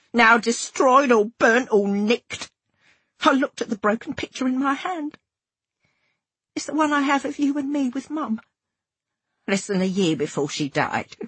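Woman, husky breathy voice, lively pitch, expressive audiobook reading, dry close sound. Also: no room sound. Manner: expressive, acts out dialogue. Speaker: audiobook narrator. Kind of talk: scripted first-person narration.

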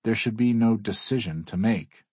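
A man's voice: lowish voice, moderate pace, a little mellow, husky, no room sound. A man reading a first-person audiobook in a wry, dry way. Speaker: audiobook narrator. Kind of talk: scripted first-person narration.

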